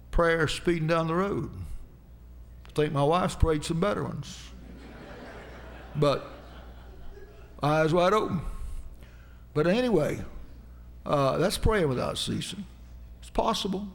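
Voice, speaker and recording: A man preaching a folksy sermon, telling homespun stories and calling out amen to the congregation. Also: on the high side.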